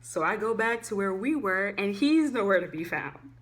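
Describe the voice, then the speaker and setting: A young woman telling a casual storytime vlog, chatty and animated, full of "like" fillers, swinging between loud and hushed. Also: medium pitch, moderate pace. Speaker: student vlogger.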